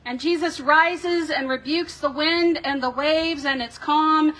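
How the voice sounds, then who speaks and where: A woman pastor delivering a sermon in a measured, reflective way, voicing the questions of scripture with drama. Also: high voice, sharp tone. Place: church sanctuary.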